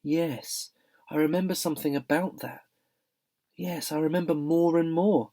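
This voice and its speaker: A man voicing an old cab horse who speaks slowly and thoughtfully, as if half remembering. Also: on the high side, steady tone, mellow, voice pushed up. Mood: dreamy. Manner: slow and thoughtful, halting.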